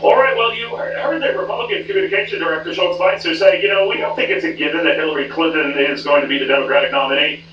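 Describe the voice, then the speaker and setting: A man anchoring a television news show, talking briskly and conversationally. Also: a little high, slight background noise. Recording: dull, roomy, distant rebroadcast.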